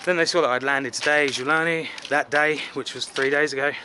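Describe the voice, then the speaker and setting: With background noise around him, an English travel vlogger chats his way through a city, rambling, knocking himself and leaning on fillers. His voice sits a little high, with fairly even intonation and a fairly quick pace.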